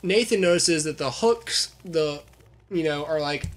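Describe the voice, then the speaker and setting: A man's voice: a little high, unhurried. A young man hosting a podcast, animatedly recapping a movie plot in casual chat and laughing often. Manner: animated storyteller, acts out scenes, laughs often. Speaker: podcast host.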